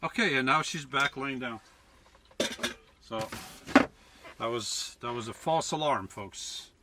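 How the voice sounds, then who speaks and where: A man's voice: medium pitch, slow, recorded from a distance, heavy background noise. A man chatting casually to his viewers as folks while cooking inside his camper van, often restarting and correcting himself. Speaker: van life vlogger. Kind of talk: casual cooking vlog talk.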